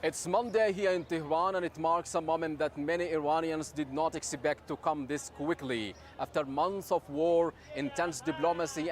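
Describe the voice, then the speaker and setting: A man news correspondent delivering a scripted report from a city street outdoors. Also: on the high side.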